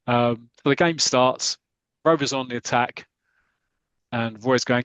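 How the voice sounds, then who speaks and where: A man's voice: mid-range voice, a little slow, long pauses, a bit bright, clear, resonant tone, no room sound, lo-fi sound. Guy on a podcast rambling through a comic plot, dry close sound, mid voice. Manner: rambling, many fillers and restarts, chatty. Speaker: podcast host. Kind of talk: casual retelling of a comic story.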